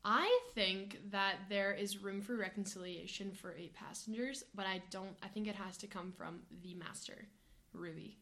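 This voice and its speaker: A woman's voice: medium pitch, fairly even intonation, normal speed, bright, forceful tone. Young woman cohost, playful, curious, casual. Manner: playful, reacting, asking questions. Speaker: podcast co-host. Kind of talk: casual chat.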